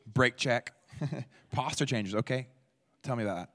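A man's voice: mid-range voice, measured pace, a bit bright. A man giving an interactive teaching talk at a church, speaking conversationally and repeating answers from the audience. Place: church hall. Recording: long hall reverb.

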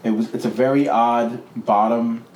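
A man's voice: medium pitch, steady tone, normal speed, a little mellow, reverberant, a little hiss or hum. A man co-hosting a casual chat, laid-back, swearing and restarting his sentences. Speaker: co-host.

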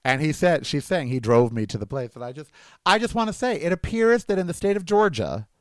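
A man's voice: a little high, sing-song, brisk, no echo. A man hosting a talk show, delivering a rambling political monologue that slides between sarcastic rants and personal stories. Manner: ranting, sarcastic, digressive. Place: Desert Breeze area, Southern California.

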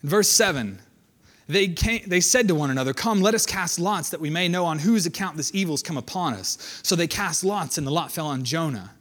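A man's voice: a little high, animated, a little fast, a bit bright. A man preaching a conversational sermon, reading scripture aloud and then commenting on it in a casual way.

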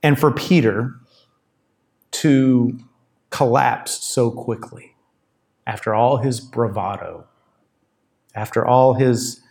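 A man's voice: medium pitch, takes it slowly, creaky, long pauses, a little mellow. A man preaching a conversational sermon as a pastor, reading and explaining scripture. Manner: conversational Bible teaching, reads scripture aloud.

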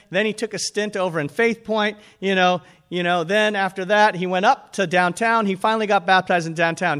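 Man, pastor, high voice, energetic sermon, calls for amens. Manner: animated preaching, talks to the congregation.

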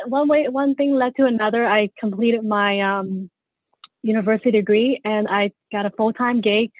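A woman's voice: medium pitch, dry recording. Woman guest on a tinny dry line. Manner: measured, storytelling with fillers. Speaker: guest, car dealership general manager. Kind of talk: interview answers. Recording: dry, phone-like remote line.

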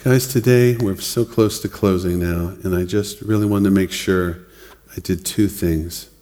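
A man preaching a sermon in a relaxed, conversational way, often laughing and acting out other people's words. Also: low voice, measured pace, a faint crowd, a little hiss or hum. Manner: conversational, laughs often, acts out quoted voices. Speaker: pastor. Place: church hall. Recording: long reverb of a church hall.

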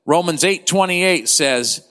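A man in his fifties preaching a sermon as pastor, impassioned, swinging between loud and hushed delivery. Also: a little high, animated, slow pace, smooth. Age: 50s. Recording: long hall reverb.

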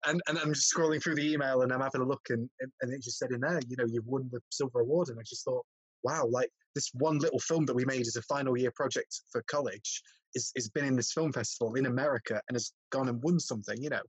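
A man's voice: mid-range voice, husky, no room sound, poor audio. A young man from the south of England, a podcast host and filmmaker, chatting casually and stumbling over repeated words. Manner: stammering, repeats words, fast-talking. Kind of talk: casual chat.

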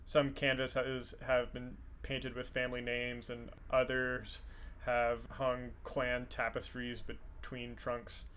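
A man running a tabletop game, narrating the scene in a calm, descriptive way with an occasional "uh". His voice is mid-pitched and unhurried. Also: a little hiss or hum. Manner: descriptive, relaxed, with frequent fillers. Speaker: game master.

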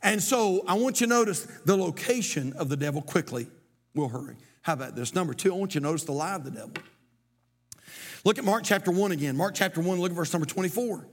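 A man's voice: sits high, lively intonation, fast talker. A middle-aged man, preaching a sermon as pastor, moving from folksy storytelling to emphatic preaching. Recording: long hall reverb.

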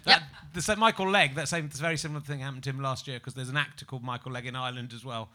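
A man's voice: medium pitch, fairly even intonation, rapid-fire, sharp tone. A man hosting a live comedy show, chatting with a guest in a joking, rambling way and laughing often. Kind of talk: live stage chat with a guest.

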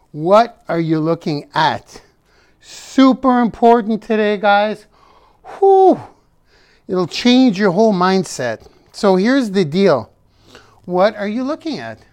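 Slow, playful man giving a pep talk. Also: high-pitched, sing-song, darkish tone. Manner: playful, self-interrupting, sings snippets; emphatic repetition. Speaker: motivational vlogger. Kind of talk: casual motivational talk.

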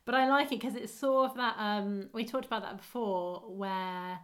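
A woman's voice: mid-range voice, moderate pace, a bit bright. A woman chatting casually as a podcast co-host, laughing often and acting out lines from a sitcom. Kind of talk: casual chat recapping a sitcom episode.

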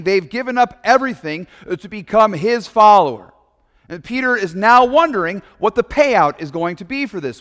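Conversational pastor with a high-ish voice. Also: male voice, in a large hall. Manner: conversational, animated storytelling with asides. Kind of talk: sermon.

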